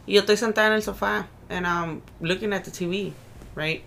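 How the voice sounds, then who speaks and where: A woman's voice: medium pitch, steady tone, quick pace, vocal fry, fairly bright tone, a little hiss or hum. A woman co-hosting a podcast from Mexico, telling a story in casual chat and mixing English and Spanish with swearing. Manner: code-switches between English and Spanish, swears freely. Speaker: podcast co-host.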